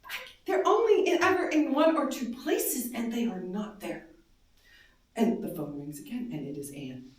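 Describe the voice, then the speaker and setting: High-voiced woman reading in an echoing hall. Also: lively intonation, normal speed. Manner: intense, emotional, shifts between hushed and loud. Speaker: performer reading dream monologues. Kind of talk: dramatic live reading of first-person dreams. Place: darkened live performance space. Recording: very echoey hall, voice from far off.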